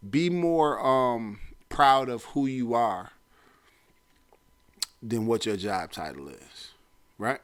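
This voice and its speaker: A man hosting a talk show, giving blunt, streetwise advice and repeating his points for emphasis. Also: medium pitch. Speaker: podcast host.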